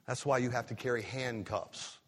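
A male pastor preaching a sermon, drawing words out for emphasis and breaking into sudden loud rises. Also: mid-range voice, moderate pace, in a large hall, a little hiss or hum.

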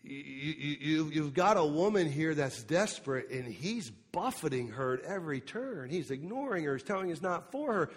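A male pastor preaching a sermon. He acts out the lines of the Bible figures, pushing hard on the key words and then dropping to a near hush. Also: on the high side, expressive, moderate pace, hardly any pauses, husky, in a large hall. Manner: dramatic preaching that acts out the Bible voices with rising emphasis.

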